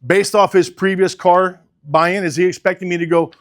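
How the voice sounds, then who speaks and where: A middle-aged man running a sales training, with a fairly high-pitched voice for a man. He talks bluntly and with animation, swears casually, keeps quizzing the group, and acts out both sides of a customer talk. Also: steady tone, brisk. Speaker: sales coach.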